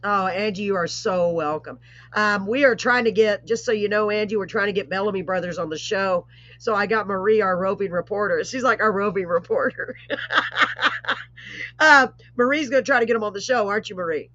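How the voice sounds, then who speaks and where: A woman hosting a live online show, chatting casually with rambling asides and warm blessings. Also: mid-range voice, a little fast, dry recording. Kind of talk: casual live-stream chat. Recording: dull lo-fi stream audio.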